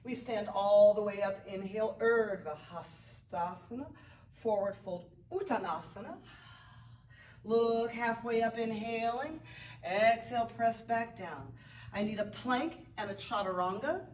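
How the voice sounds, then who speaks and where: A woman's voice: a little high, a little slow, a little mellow, distant mic, slight background noise. Chatty woman yoga teacher, roomy off-mic sound. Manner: chatty, encouraging, calls out breath cues. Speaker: yoga instructor. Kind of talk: guided beginner yoga class. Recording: roomy, off-mic with faint ambience.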